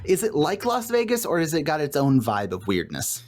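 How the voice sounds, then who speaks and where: A man co-hosting a podcast in casual recap chat, animated and laughing often as he quotes lines. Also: on the high side, moderate pace. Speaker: podcast co-host. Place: home room with light fan noise.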